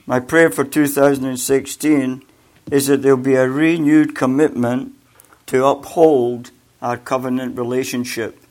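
An older man giving a sermon with personal testimony, halting, with many fillers and repeated words, and growing louder and more emphatic when he exhorts. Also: mid-range voice, steady tone. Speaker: preacher.

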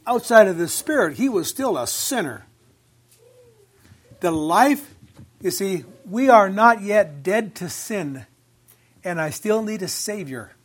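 A man preaching a sermon with a high-pitched voice. He repeats words for emphasis, reads scripture aloud and asks the congregation questions. He sometimes drifts away from the mic. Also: expressive, takes it slowly, pauses often, slightly rough. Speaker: pastor.

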